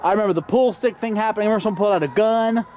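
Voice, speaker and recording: A man with a fairly high voice keeps questioning his father in a relaxed, casual chat. His tone is dry and skeptical, poking holes in each story. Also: racing. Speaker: son prompting the stories.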